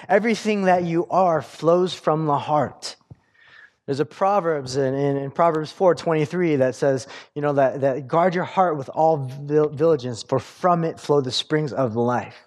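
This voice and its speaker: A man's voice: fairly high pitch, darkish tone. A man preaching a sermon in a conversational way, with lots of fillers and restarts. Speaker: pastor.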